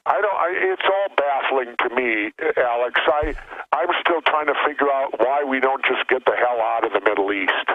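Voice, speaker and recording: A man's voice: mid-range voice, moderate pace. A male guest calling in to a radio interview over the telephone, speaking in a blunt, plainspoken way. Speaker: guest, former politician. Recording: dull phone line with interference.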